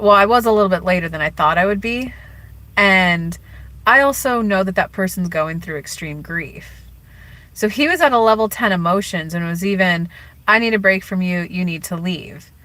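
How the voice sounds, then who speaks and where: Bright, chatty woman coaching on a live stream. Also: mid-range voice, no echo, low-quality recording. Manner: chatty, frequent "like" and "you know"; acts out quoted speech in changed voices. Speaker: relationship and spiritual coach. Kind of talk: casual live-stream advice.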